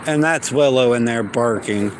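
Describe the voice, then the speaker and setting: A man's voice: mid-range voice, moderate pace, background noise. A man, chatting casually outdoors in his yard while he vlogs on a phone, rambling and talking to his dogs. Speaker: vlogger. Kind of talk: casual walk-and-talk vlog. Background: dogs barking.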